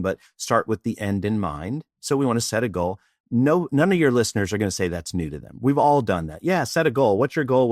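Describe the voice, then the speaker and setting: Man, middle-aged, from texas, lowish voice, lively swinging pitch, dry close sound. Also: dry recording. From Austin, Texas. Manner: animated, acts out dialogue. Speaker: guest, presentation coach. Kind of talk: storytelling in interview.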